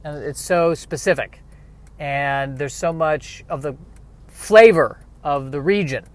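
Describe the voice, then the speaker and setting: A man's voice: a little high, takes it slowly. A man from Colorado musing wryly in a casual comic monologue, outdoors on a city street. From Aurora, Colorado. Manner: wry, rambling, sardonic. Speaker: comedian.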